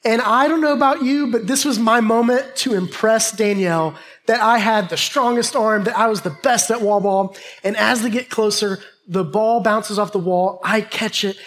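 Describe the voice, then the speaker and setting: A man preaching a sermon, telling a lively, humorous personal story to a congregation. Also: high-pitched, normal speed. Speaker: pastor.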